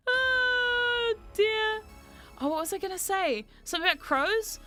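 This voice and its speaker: High bright-voiced woman rambling through a trip story, laughs a lot, swears, faint music behind. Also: normal speed. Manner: animated, laughs often, swears casually. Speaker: VTuber vlogger. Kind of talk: casual storytelling chat.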